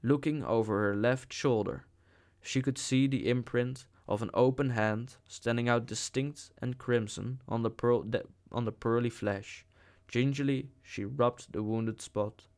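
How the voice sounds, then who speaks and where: A man reading a novel aloud in a slow, deliberate way. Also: medium pitch, steady tone, a little mellow. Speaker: audiobook reader.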